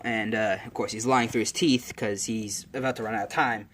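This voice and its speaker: A man's voice: on the low side, fairly even intonation, fairly quick, hardly any pauses, fairly bright tone. A man casually narrating a fan story, rambling with lots of fillers and self-corrections. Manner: rambling, many fillers and restarts. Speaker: channel host.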